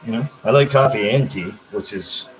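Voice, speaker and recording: A low-leaning male voice at a moderate pace sits over soft background music, recorded in low quality. Casually hosting a livestream, the man rambles, swears, and reads out viewer comments with hyper energy.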